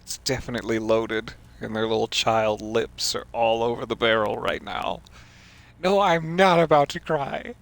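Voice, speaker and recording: Streaming a game, a man with a mid-range, slightly bright voice talks at a moderate pace in casual commentary. He jokes, reads the hero's lines aloud, and slips into mock panic.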